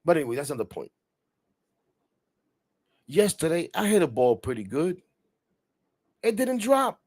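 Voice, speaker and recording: A middle-aged man hosts a laid-back sports podcast, rambling animatedly, cursing freely and working himself up. His voice sits fairly high and he takes his time.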